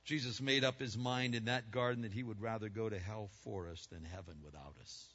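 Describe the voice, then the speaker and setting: A man preaching a sermon as pastor. His delivery swings between loud, emphatic peaks and hushed, low passages. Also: a little fast, breathy edge. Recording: muffled lo-fi sound with long reverb.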